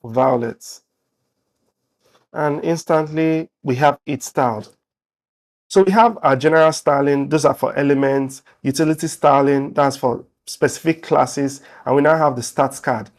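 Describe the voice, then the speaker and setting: A man's voice: mid-range voice, a little slow. A man teaching a web development lesson, talking through code as he types it on screen. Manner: relaxed, thinking aloud while typing. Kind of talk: screen-share coding tutorial.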